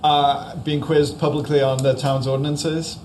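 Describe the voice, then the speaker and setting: A man's voice: fairly high pitch, level tone, unhurried, darkish tone, a little hiss or hum. A man chairing a town meeting, speaking briefly and politely as he moderates public comment.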